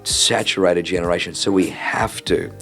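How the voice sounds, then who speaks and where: A man's voice: low voice, steady tone, moderate pace, creaky, fairly bright tone, faint music behind. A middle-aged man, a senior pastor who talks in an earnest, preacherly way in a casual interview and often repeats words as he starts a thought.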